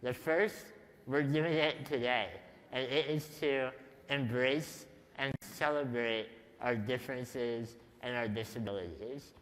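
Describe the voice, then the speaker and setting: A man speaks to a conference audience, unhurried and wry as he tells his stories. His voice is bright and clear at a middling pitch. The sound carries the long reverb of a large hall. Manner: slow, deliberate, wry storytelling. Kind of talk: storytelling talk to a live audience.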